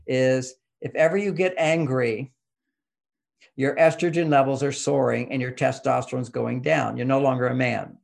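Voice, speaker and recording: A man's voice: mid-range voice, fairly even intonation, moderate pace, gravelly. An older man giving relationship advice in conversation, explaining emphatically like a lecture.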